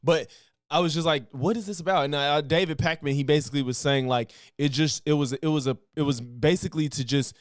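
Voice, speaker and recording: A man's voice: fairly high pitch, fairly even intonation, brisk, no echo, studio quality. A man casually reacting to a video clip, rambling with many restarts and some swearing.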